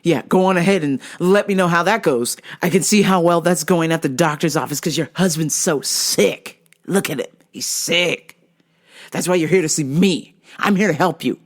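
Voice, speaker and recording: A woman's voice: fairly low pitch, unhurried, hardly any pauses, a little mellow. A woman voicing a rude, arrogant male practitioner who talks down to his clients in a snide, dismissive way. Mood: contemptuous.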